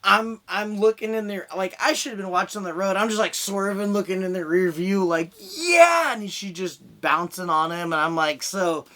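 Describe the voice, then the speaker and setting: A man's voice: sits high, level tone, normal speed, few pauses, bright, forceful tone. A young man doing a stand-up set over a video call, rambling through crude stories. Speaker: stand-up comedian.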